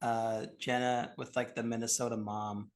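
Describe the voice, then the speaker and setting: A man hosting a casual podcast, talking in a relaxed, easygoing way. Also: medium pitch, normal speed, crowd noise. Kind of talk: casual chat.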